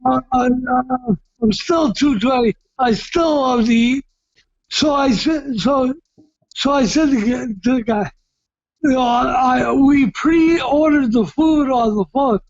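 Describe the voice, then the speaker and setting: A middle-aged man from Massachusetts, a retired boxer telling stories in an interview, loud and excitable, often shouting and restarting his sentences. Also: very high-pitched, slow pace, no echo, lo-fi sound. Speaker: retired heavyweight boxer, guest. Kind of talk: casual storytelling interview.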